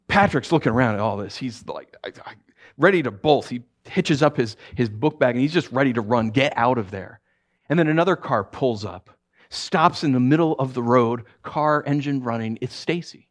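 A man preaching by telling a story, speaking softly and haltingly with frequent restarts. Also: medium pitch, animated. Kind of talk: sermon storytelling.

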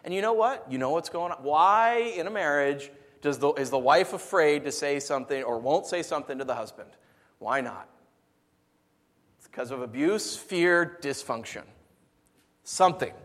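Middle-aged pastor guy preaching, high lively voice, jokey, asks the crowd questions. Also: normal speed. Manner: animated, rhetorical, humorous. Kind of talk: sermon.

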